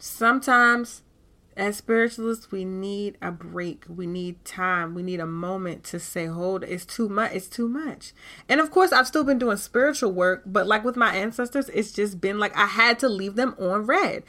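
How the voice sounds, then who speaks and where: A woman with hosts her podcast in a candid, animated way and curses freely. Her voice sounds bright and forward, with a middle pitch. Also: moderate pace. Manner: animated and candid, with frequent cursing. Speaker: podcast host. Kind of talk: casual spiritual talk.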